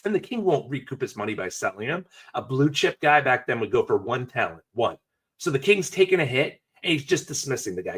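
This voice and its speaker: A male pastor giving a sermon, telling a story in an animated, conversational way with jokey asides. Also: mid-range voice, a little fast, breathy edge.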